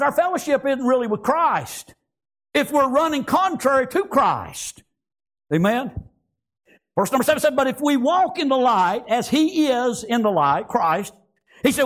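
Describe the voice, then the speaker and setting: A middle-aged man preaching a sermon in a folksy rural way, calling out to the congregation and dropping into quiet storytelling. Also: extremely high pitch. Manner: folksy, rural speech, frequent call-outs and "praise God"; swings between shouting and hushed storytelling. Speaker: pastor.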